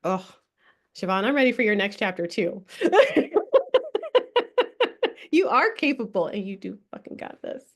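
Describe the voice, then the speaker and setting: Laughing, animated woman leading a workshop. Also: mid-range voice, fairly quick. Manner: animated, laughing often, swears casually. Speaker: spiritual workshop host. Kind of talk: casual live workshop talk with guided breathing.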